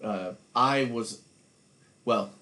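Man, transatlantic accent, English mixed with American, podcast guest, relaxed halting storyteller, mid pitch. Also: poor audio. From northwest England. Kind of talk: casual chat.

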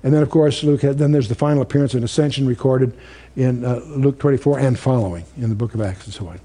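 A man's voice: mid-range voice, fast, dark tone. A man preaching a sermon in a conversational, storytelling way, asking the audience questions.

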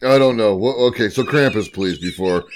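A man's voice: lowish voice, a little hiss or hum. A man co-hosting a casual podcast, cracking jokes and swearing as he chats. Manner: joking, profane, unhurried interjections. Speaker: podcast co-host. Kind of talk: casual chat.

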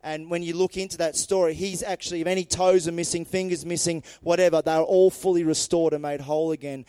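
A man preaching a sermon, retelling scripture stories in lively, casual everyday words. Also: on the high side, brisk, clear, resonant tone, no echo.

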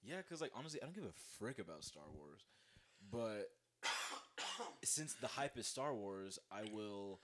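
A man's voice: lowish voice, big pitch swings, a little slow, background noise. A young man hosting a podcast in a goofy, rambling, jokey casual chat. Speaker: podcast host.

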